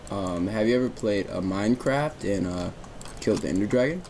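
A young man hosting a casual gaming chat, excitable and teasing, breaking into high yelps over a headset mic. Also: a little fast, a little hiss or hum. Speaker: let's play host.

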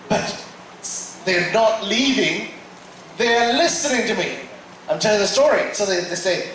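A man from Africa gives a sermon testimony as a guest preacher, telling a story with animated acted-out dialogue. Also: sits high, brisk. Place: large church auditorium. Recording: echoey hall, mic from far off, faint noise.

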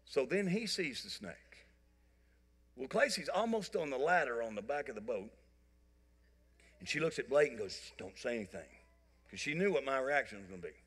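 A man's voice: mid-range voice, normal speed, long pauses, breathy edge. A man preaching a sermon, telling folksy, joking stories to his congregation. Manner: folksy storytelling, animated and joking. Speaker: pastor. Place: church sanctuary. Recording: church hall reverb.

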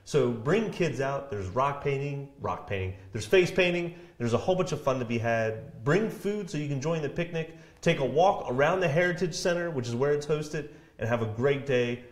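A man co-hosts a county TV live show, joking, animated and teasing his co-hosts in casual chat, recorded in an echoey room. His voice is medium-pitched, at normal speed with few pauses.

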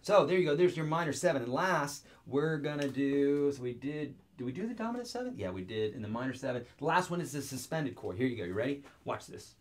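A man's voice: medium pitch, brisk, hardly any pauses, a little hiss or hum. A man teaching guitar chords in an online video lesson, upbeat and joking as he talks straight to the viewer.

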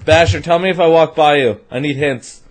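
A man's voice: on the high side, a little fast. A man joking and teasing his friends while commentating a hide-and-seek video game. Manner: joking, teasing, laughs often. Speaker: gamer. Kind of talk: casual gaming commentary.

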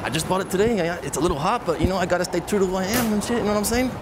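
A man's voice: high voice, racing, very noisy, lightly acted. A man putting on a swaggering cholo street tough with a Chicano accent. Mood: confrontational. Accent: put-on Chicano English. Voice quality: slangy, confrontational, repeats a catchphrase. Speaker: prankster. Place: outdoors on the street.

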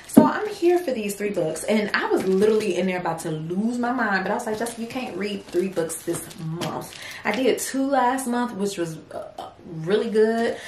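Casting: young woman, chatty home vlogger who keeps saying y'all. Mid pitch, roomy sound. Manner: chatty, addresses viewers as y'all and girlies. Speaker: vlogger and small business owner. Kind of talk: casual chat to camera. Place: home office room.

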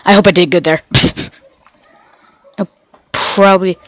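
A woman's voice: lowish voice, fairly even intonation, unhurried, no echo, low-quality recording. A woman hosting a gaming channel, giving rambling casual commentary while she plays and talking to herself, sounding off because she is sick. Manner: rambling, chatty, talks to herself and the game animals.

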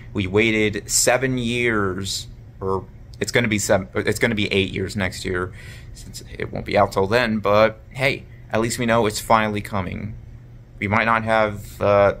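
Guy with a really low voice just rambling on camera, lots of uh and yeah. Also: fairly bright tone, a little hiss or hum. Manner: rambling, many fillers and restarts. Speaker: vlogger. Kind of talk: casual monthly vlog chat.

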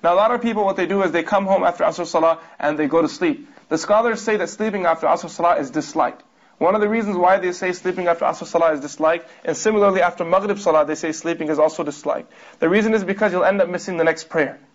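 High-voiced fast-talking male teacher. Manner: explanatory, asks the audience rhetorical questions. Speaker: religious teacher. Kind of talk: lecture commenting on a read text. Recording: dull lo-fi recording.

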